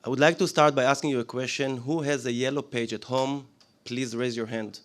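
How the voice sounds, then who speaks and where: Brief: man in his forties, Israeli accent, mid-pitched voice, plain-spoken pitch to a room, fillers and audience questions. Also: steady tone, fairly quick. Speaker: business presenter. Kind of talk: business pitch to a live audience.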